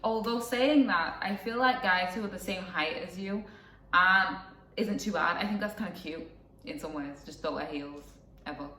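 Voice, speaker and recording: A young woman rambles through a personal story, full of fillers and side remarks. Her voice is bright and a little low for a woman. She sounds a bit distant from the mic, in a roomy, echoing space. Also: normal speed. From England. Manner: chatty and rambling, with frequent fillers and asides. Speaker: vlogger. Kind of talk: casual storytelling to camera.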